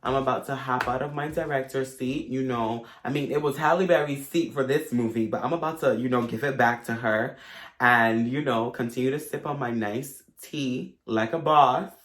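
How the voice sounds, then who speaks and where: A man's voice: mid-range voice, normal speed, a bit bright. A man reviewing a movie for his viewers in a casual, gushing, emotional way. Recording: roomy echo.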